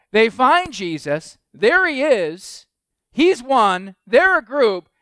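Man, high voice, clear resonant tone, dry sound, sermon, rhetorical questions. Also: a bit bright, no room sound. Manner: conversational preaching, rhetorical questions, rising emphasis. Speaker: pastor.

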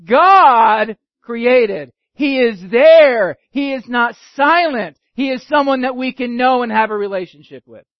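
A man's voice: very high-pitched, normal speed, few pauses, dry recording, highs cut off. A man preaching a teaching sermon, emphatic and repeating key phrases for his listeners. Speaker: pastor.

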